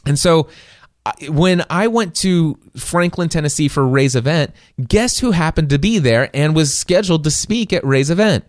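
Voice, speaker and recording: Male podcast host, slightly high voice, dry close studio sound, eager storyteller. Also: expressive, moderate pace, no room sound. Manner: enthusiastic storytelling, acts out quoted dialogue. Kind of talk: solo podcast monologue. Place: small home studio. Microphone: studio microphone.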